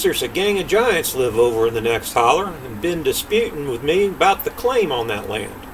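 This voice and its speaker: Older man doing old country king, drawling, lively raised voice, far from the mic, faint hum. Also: on the high side, natural voice. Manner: drawling backwoods speech. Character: old male country king, folksy and hospitable. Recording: distant mic, faint air-conditioner hum.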